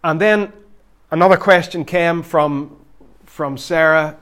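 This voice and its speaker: A middle-aged man preaching a sermon as pastor, animated and emphatic, sometimes laughing. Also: on the high side, slow pace.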